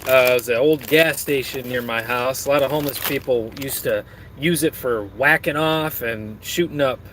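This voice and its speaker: A man's voice: medium pitch, normal speed, a bit bright, a little hiss or hum. A man streaming and reading his chat, rambling in a crude, joking way while snacking.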